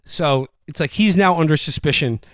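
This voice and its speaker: A man co-hosting a podcast, retelling a film plot in a rambling, animated comic chat with laughs. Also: a little high, normal speed, no echo. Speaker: podcast co-host. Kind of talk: casual comedic film review chat.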